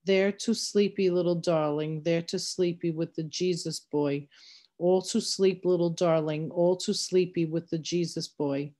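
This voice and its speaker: A dazed old frontier man, read by a woman lilts along in a repetitive sing-song, lost in his own world. The voice sits a little low and drifts dreamily from phrase to phrase. It is a read-aloud storybook part. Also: steady tone, unhurried, mellow, lightly acted. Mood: sing-song, rambling. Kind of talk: reading a novel aloud.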